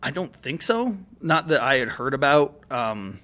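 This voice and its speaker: A man's voice: mid-range voice, very animated, measured pace, bright, forceful tone. A man guest on a podcast, telling a story in a casual, profane way full of fillers. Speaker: guest, military veteran. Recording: podcast studio mic.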